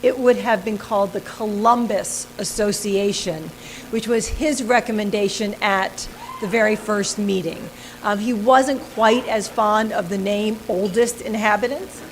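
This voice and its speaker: A woman's voice: medium pitch, steady tone, measured pace, a little hiss or hum, low-quality recording. A woman presenting a local history talk with slides, chatty and hesitant, with frequent ums and restarts. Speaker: organization president giving a history talk.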